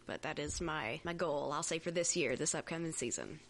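Wry, lower-voiced woman. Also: vocal fry, a little hiss or hum. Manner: easygoing, wry, quick laughs. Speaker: podcast co-host. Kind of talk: casual podcast chat.

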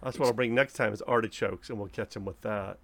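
Gravelly man with aggrieved rambling. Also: on the low side, steady tone, a little fast, background noise. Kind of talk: improvised comedy.

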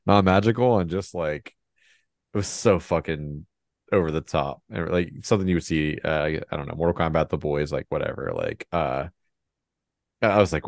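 Very deep-voiced man, dry close sound. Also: moderate pace, gravelly, dry recording. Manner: enthusiastic, heavy use of "like". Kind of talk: casual movie discussion.

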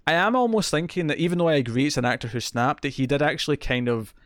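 A man's voice: fairly high pitch, fast, no echo, clean studio sound. A man co-hosting a podcast, talking through a story in a thoughtful, analytical, casual way. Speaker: podcast co-host. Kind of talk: casual chat.

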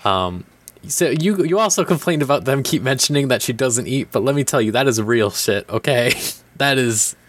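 A man's voice: medium pitch, lively intonation, normal speed. A young man chatting casually about an anime, talking in loose, filler-heavy, stop-start phrases. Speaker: podcast co-host. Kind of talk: casual chat reviewing an anime.

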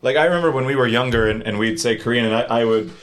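A man from Canada hosts a relaxed podcast at an ordinary mid pitch. He tells stories with energy and jokes. He slips into comic voices whenever he quotes someone. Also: racing. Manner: animated storyteller, acts out quotes in funny voices. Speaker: podcast host. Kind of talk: casual podcast conversation.

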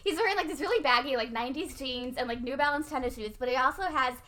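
A young woman with a high, bright voice recaps a film in casual chat. She talks in a loose, chatty way, laughs often and fills her sentences with "like". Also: fast talker.

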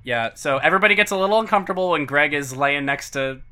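A man's voice: a little high, lively intonation, fast, bright, forceful tone, clear, resonant tone. A man co-hosting a casual podcast recap, laughing often and making sarcastic asides. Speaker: podcast co-host.

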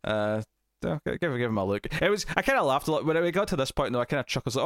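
A man in casual podcast chat, recapping a TV episode in a rambling, animated way and acting out quotes. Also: mid-range voice, quick pace, no echo, studio quality. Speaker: podcast co-host.

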